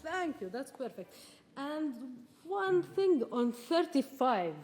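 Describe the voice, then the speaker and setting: High-voiced woman conductor in a hall. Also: very animated, slow pace, music in the background. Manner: sings out rhythms, coaching and encouraging. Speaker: orchestra conductor. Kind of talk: orchestra rehearsal instructions. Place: concert hall with orchestra. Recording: reverberant hall, orchestra behind.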